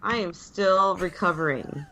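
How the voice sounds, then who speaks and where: A woman's voice: on the low side, a little slow, pushed and bright, slight background noise. A woman with a cold, chatting casually on a radio show and laughing often. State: has a cold. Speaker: regular co-host. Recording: dull lo-fi sound.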